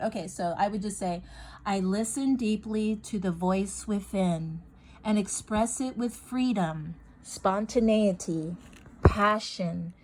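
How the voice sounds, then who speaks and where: Over a low-quality recording, a medium-pitched woman hosting a spiritual video chats casually about healing stones and affirmations. She rambles and repeats herself for emphasis.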